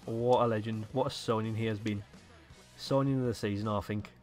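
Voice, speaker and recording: A young man excitedly commentating his own football video game, swearing and shouting at his players. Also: lowish voice, a little fast, faint music behind. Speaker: gaming YouTuber.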